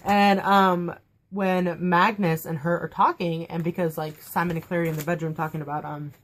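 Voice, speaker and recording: A woman's voice: fairly low pitch, level tone, moderate pace, a little hiss or hum. A young woman chatting through a casual fan review of a TV episode, gushing and filling her talk with "like". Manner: gushing, chatty, heavy use of "like" fillers. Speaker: TV show reviewer.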